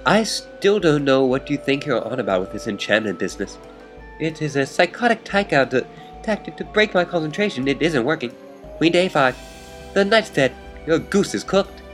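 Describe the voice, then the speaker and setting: A man's voice: fairly high pitch, big pitch swings, normal speed, soft background music, pitched above the performer's own voice. A man voicing a smug male chess player who taunts his opponent in a theatrical, condescending manner.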